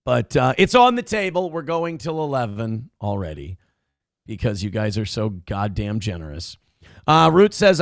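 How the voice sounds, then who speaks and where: Gravelly wisecracking morning-show host. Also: male voice, medium pitch, very animated, normal speed, dry recording, clean studio sound. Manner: wisecracking, reads chat messages aloud. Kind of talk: casual banter, reading viewer donations.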